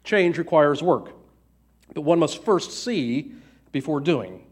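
A man voicing a wise old male traveler who speaks slowly and calmly in a storybook reading. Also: on the high side, breathy edge, heavily acted.

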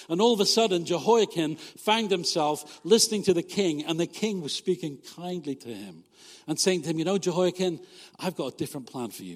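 Pastor guy preaching, kinda high voice, jokey and chatty, lots of "isn't it?" questions, big hall echo. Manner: conversational and humorous, full of rhetorical questions. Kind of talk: sermon.

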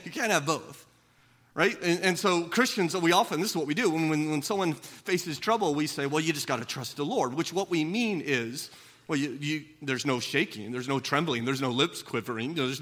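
Preaching at a normal speed, an animated pastor shifts from quiet, low reflection to loud, emphatic passages. He often repeats words and drops in conversational asides.

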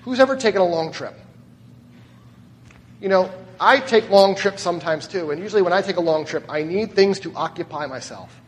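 A man's voice: sits high, animated, fairly quick, big-room sound. A man preaching a sermon as pastor, conversational and often putting questions to the congregation. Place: church.

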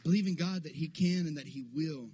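A man preaching in a church sanctuary, his voice sitting high for a man and carrying a husky grain. He leans into repetition and calls back to the congregation, urging them to answer him. The delivery is fervent and rhythmic. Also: fairly quick, dark tone. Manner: impassioned preaching with call-and-response to the congregation. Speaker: pastor. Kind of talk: sermon.

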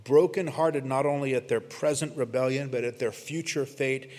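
A man preaching an earnest expository sermon, lifting his voice for emphasis and dropping low when he quotes scripture. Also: fairly even intonation, moderate pace, a little mellow. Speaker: pastor. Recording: long hall reverb.

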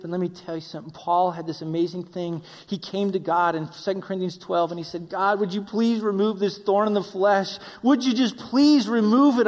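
A man preaching a sermon as pastor, voicing his listeners' questions and closing in prayer. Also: sits high. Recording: long reverb of a hall.

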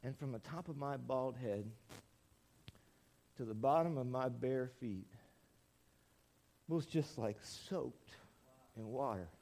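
A man's voice: mid-range voice, slow pace, long pauses. A male pastor in his forties preaching a storytelling sermon in a church, acting out quotes as he goes. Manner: animated storytelling, acts out quotes.

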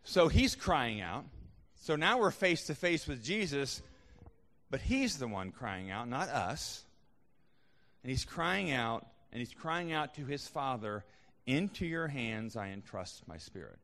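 A man's voice: medium pitch, sing-song, takes it slowly, fairly bright tone, long reverb tail. A man preaching a sermon as a pastor, conversational, with frequent restarts and fillers.

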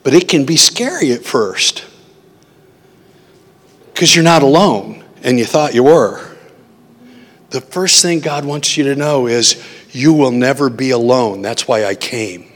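A man's voice: mid-range voice, lively intonation, a little slow, pauses often. A man preaching a sermon in a conversational way, often asking his listeners questions. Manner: conversational, asks the audience questions. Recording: long hall reverb.

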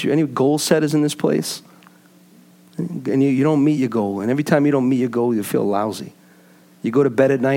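A man preaches, his delivery rising from quiet, hushed lines to high, fervent calls as he poses rhetorical question after rhetorical question to the congregation.

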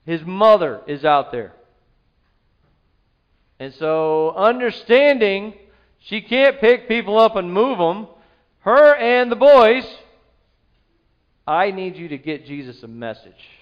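A man preaching a sermon, telling the story with animated delivery and acting out the quoted voices. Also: high-pitched, clean tone, highs cut off. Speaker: pastor.

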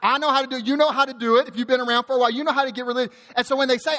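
A man pastor preaching a sermon in a church, lively and joking, often repeating words as he goes. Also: very high-pitched, very fast, big-room sound. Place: church sanctuary.

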